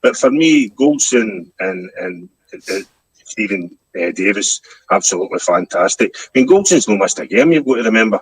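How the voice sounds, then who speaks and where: A man's voice: on the low side, lively intonation, normal speed, slight background noise, rough recording. A Scottish man speaking frankly and self-deprecatingly as a guest in a casual podcast chat. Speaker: guest fan.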